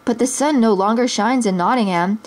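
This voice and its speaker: A woman voicing a kind, humble male church mouse who speaks gently and earnestly, in a storybook reading. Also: fairly high pitch, a little fast, natural voice.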